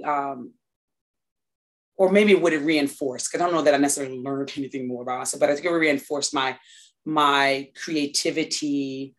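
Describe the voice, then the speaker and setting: A woman from New York, a guest in a casual interview, talking in a reflective way with many restarts and fillers. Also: deep voice.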